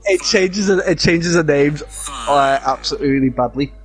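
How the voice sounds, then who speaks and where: A man commentating a live sim-racing stream who fills the gaps with history and trivia. He is quick to correct his co-host, and his voice sits a little above the usual male pitch. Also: faint music behind. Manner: informative, corrects his partner, full of trivia.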